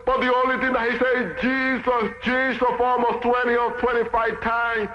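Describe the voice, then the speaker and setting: Impassioned high-voiced man giving testimony. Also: level tone, normal speed. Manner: impassioned, storytelling, acts out quotes. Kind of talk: emotional testimony sermon. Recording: echoey, muffled, noisy recording.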